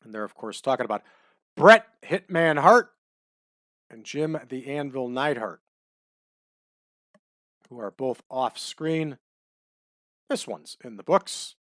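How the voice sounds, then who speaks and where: A man giving relaxed, chatty commentary over a wrestling management game, adding trivia as he goes. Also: medium pitch, takes it slowly, long pauses, dry recording, clean studio sound. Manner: laid-back, chatty, adds wrestling trivia.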